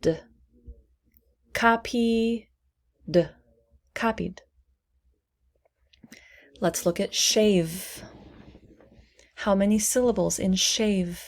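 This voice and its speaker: Very slow, carefully enunciating female teacher. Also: medium pitch. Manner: clearly enunciating single words for learners to repeat. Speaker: English teacher. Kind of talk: slow, deliberate pronunciation lesson.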